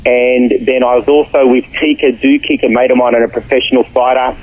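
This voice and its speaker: A man, a radio guest telling animated stories in slangy talk over the phone. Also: mid-range voice, brisk. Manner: animated, acts out quotes, slangy. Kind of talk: storytelling in a radio interview. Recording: phone line.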